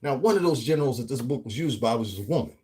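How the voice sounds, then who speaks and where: Brief: husky male vlogger from the US Northeast, profane, animated, ranting commentary. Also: mid-range voice, fast. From Northeastern United States. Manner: profane, animated, laughs often, acts out quotes. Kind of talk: casual commentary rant.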